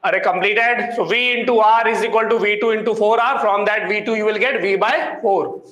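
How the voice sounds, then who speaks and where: A man's voice: sits high, steady tone, brisk, fairly bright tone, reverberant, rough recording. A man teaching physics problems step by step in class, constantly quizzing his students with questions. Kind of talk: classroom problem-solving lecture.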